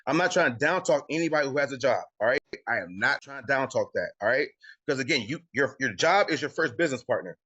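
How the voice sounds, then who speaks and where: On a live video call, this father coaches a group about credit, repeating himself emphatically and tacking on "y'all." His mid-range voice is expressive, quick, sharp and husky, and the sound is lo-fi.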